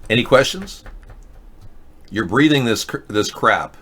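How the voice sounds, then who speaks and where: Animated, sarcastic male host. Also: medium pitch, measured pace, husky. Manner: sarcastic, ranting. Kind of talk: casual political commentary.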